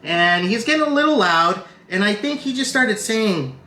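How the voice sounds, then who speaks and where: A man's voice: high-pitched, normal speed, roomy sound. A man co-hosting a podcast, telling a story in casual chat and acting out other people's lines in a raised voice. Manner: animated, profane, acts out quotes in raised voice. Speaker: podcast co-host.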